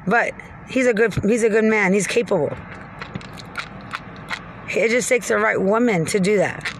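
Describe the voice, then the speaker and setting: A woman's voice: medium pitch, fairly bright tone, a little hiss or hum. A woman from Texas, ranting from inside her car in an agitated, profane, rambling way. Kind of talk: angry rambling rant.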